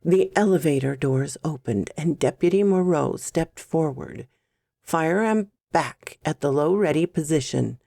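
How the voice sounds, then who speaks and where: Woman storyteller, gravelly, dry close sound, measured horror reading. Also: low voice, animated, warm tone, no room sound. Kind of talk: scripted horror story narration.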